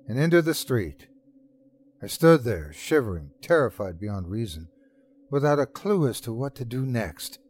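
A man hosting and narrating a horror story in a scripted, dramatic storytelling way. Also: mid-range voice. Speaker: host and narrator.

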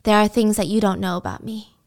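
A woman's voice: medium pitch, fairly even intonation, fast talker, lightly acted. A woman voicing a manipulative abusive man who plays the pitiful victim, pleading melodramatically. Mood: melodramatic.

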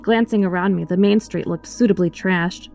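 Faint music sits behind a woman narrating a first-person horror story in an expressive, scripted voice. She speaks at a normal speed, her fairly low voice carrying a creaky texture.

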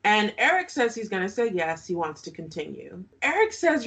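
A woman's voice: mid-range voice, very animated, moderate pace, creaky, fairly bright tone. A woman co-hosting a podcast, recapping a reality show in casual chat, often laughing and making sarcastic asides.

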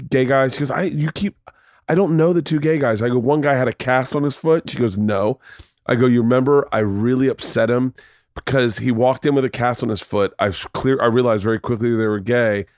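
A man's voice: medium pitch, no echo. Rambling storytelling man, dry close sound. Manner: rambling storyteller, swears casually. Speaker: podcast host. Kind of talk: casual chat.

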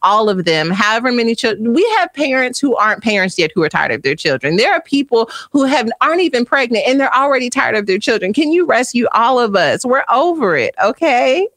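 A woman in her thirties chatting casually on a stream, reading viewer comments aloud, animated and laughing often. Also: a little high, brisk, hardly any pauses, no echo. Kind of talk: casual chat.

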